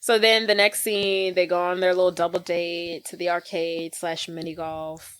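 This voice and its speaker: A woman co-hosting a movie recap podcast, chatting casually and animated, with slang and quick impressions of the characters. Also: lowish voice, clean tone, no room sound. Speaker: podcast co-host.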